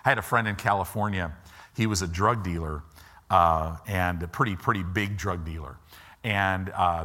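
A man preaching in a church, telling a lively story and acting out the voices of its people, with casual asides to his listeners. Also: sits low. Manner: animated storyteller, acts out quoted voices; informal, asides to the audience. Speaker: pastor. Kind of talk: storytelling sermon.

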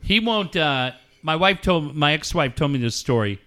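A middle-aged man co-hosting a radio show, telling stories in animated casual chat and laughing often. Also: a little high, normal speed, clean tone. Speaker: radio co-host.

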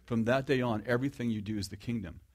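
A fast-talking middle-aged man with a medium-pitched voice preaches in a relaxed, conversational manner. He mocks himself sarcastically, restarts sentences often, and keeps asking the audience questions during the sermon.

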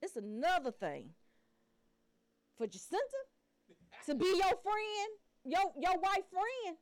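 A woman telling a story in casual chat, animated and profane, breaking into loud outbursts. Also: extremely high pitch, slow pace.

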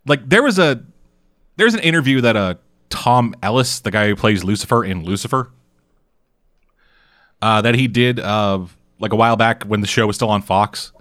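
A man's voice: lowish voice, lively intonation, normal speed, long pauses, a bit bright, dry recording, clean studio sound. A man casually recapping a TV show for a podcast, swearing often and rambling through asides. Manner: profane, rambling storyteller. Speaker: podcast co-host.

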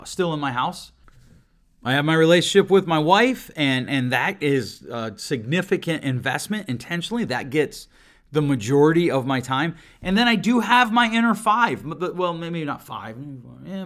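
A man's voice: a little high, bright, forceful tone. Earnest man musing on a podcast. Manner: earnest, reflective, with frequent restarts and repeated words. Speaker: podcast host. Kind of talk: solo podcast monologue. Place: home recording setup at a computer. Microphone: desk microphone.

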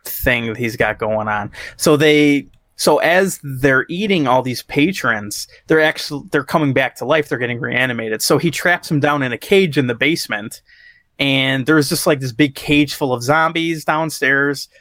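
A man in casual podcast chat, recapping a movie in a loose, rambling way, cursing freely and chuckling at his own tale. His voice sits at a middle pitch and sounds dry and close to the mic, with no room around it. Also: moderate pace, a bit bright, no room sound. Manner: rambling, profane, laughs at his own story, acts out quotes. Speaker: podcast co-host reviewing a movie.

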